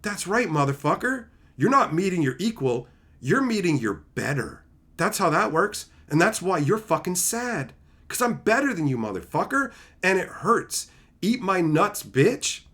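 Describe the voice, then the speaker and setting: A man's voice: high-pitched, sing-song, measured pace, a bit bright. A man hosting a livestream, ranting heatedly and profanely while answering chat. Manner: answers chat between rants. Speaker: streamer host.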